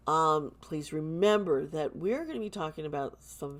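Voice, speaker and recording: Speaking in a deep, expressive voice, a woman who runs a tarot channel talks in a casual vlog style. Her delivery is earnest and halting, full of pauses and restarts.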